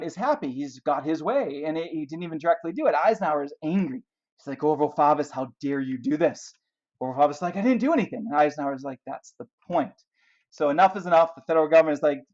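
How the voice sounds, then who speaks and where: A man gives a classroom history lecture, explaining events and posing rhetorical questions while pointing out pictures. His voice is on the high side with a darkish tone, and the sound is lo-fi.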